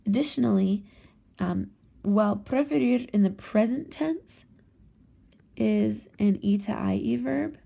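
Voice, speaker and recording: A woman teaching a recorded Spanish grammar lesson, slowly and carefully drawing out each verb form as she models it. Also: mid-range voice, creaky, warm tone. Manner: slow, careful, drawn-out modeling of conjugations. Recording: slightly dull lo-fi recording.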